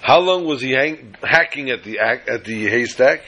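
A man telling a religious tale in a sermon, animated and dramatic, with a husky voice. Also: medium pitch, normal speed, highs cut off, slight background noise. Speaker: religious storyteller. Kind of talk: storytelling sermon.

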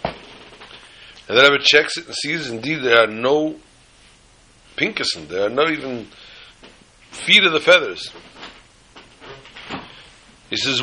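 A man's voice: medium pitch, animated, slow pace, pauses often, bright, forceful tone, slight background noise, poor audio. A man telling a story in a sermon, dramatically voicing the characters.

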